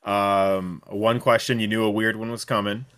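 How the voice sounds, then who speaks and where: Lower-voiced man co-hosting a podcast. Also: flat delivery, normal speed, a bit bright, clean tone. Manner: playful, rambling asides. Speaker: podcast co-host. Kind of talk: casual interview chat.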